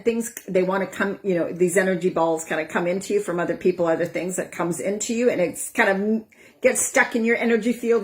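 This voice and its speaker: Woman, over forty, wellness coach, casual talk to camera, chatty, breathy sighs, middle pitch. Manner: chatty, breathy sighs, acts out inner voices.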